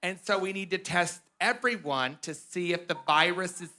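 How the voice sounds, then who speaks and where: A man's voice: high voice, moderate pace, pushed and bright. A man mimicking an earnest female health official who explains things in a droning, repetitive way.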